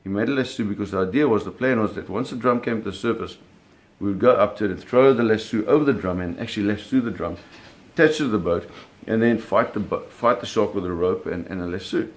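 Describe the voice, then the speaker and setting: A middle-aged man casually telling a story, animated, with sound effects and acted quotes. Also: lowish voice, fast, hardly any pauses. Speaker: storyteller recounting a fishing trip.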